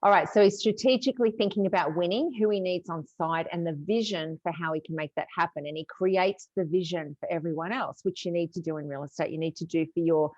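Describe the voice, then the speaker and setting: A woman's voice: lowish voice, a little fast, few pauses, a little mellow, no room sound. A woman hosting a podcast, chatty and agreeable as she recaps points. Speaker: podcast host. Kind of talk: casual podcast chat. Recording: dull, dry lo-fi sound.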